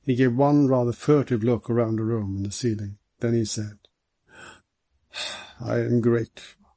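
A man reading a mystery novel aloud as the narrator, in a measured way. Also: mid-range voice, mellow. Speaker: audiobook narrator. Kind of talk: scripted narration.

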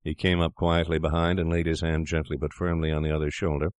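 A man narrating a classic tale in a measured, grave manner. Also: extremely low pitch, monotone, darkish tone, smooth, dry recording, studio quality.

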